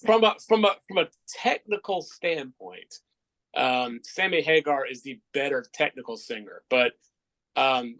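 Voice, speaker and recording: A man co-hosting a radio chat, giving measured, thoughtful opinions. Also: medium pitch, expressive, fairly bright tone, poor audio. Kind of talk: casual chat.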